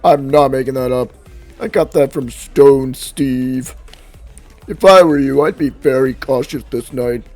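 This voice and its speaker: A man's voice: medium pitch, unhurried, darkish tone, no room sound, faint music behind, close to an everyday voice. A man voicing a male mushroom figure who tells a teasing, theatrical ghost story. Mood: spooky.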